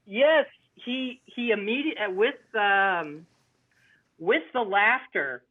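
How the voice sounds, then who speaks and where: A young man presenting as an interview guest, talking in an earnest, enthusiastic, halting way. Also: sits high. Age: young adult. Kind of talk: casual interview storytelling. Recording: tinny phone-like call audio.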